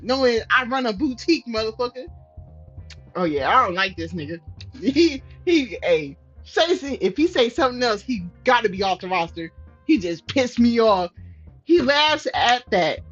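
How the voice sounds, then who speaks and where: A woman gaming streamer reading a story game aloud, breaking into profane, outraged reactions. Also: fairly high pitch. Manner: animated, profane, bursts into loud outraged reactions. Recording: slightly muffled, soft game music behind.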